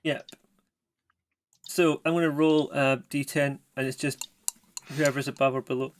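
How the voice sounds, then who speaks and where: A man's voice: mid-range voice, flat delivery, measured pace, noisy background. Casual man running a tabletop game. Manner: explanatory, casual, hesitant with fillers. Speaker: game master.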